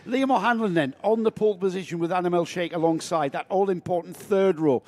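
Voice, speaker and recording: A man with a northern English accent doing live karting commentary, chatty and rambling, reeling off driver names in quick lists. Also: high voice, darkish tone. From northern England. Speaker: race commentator.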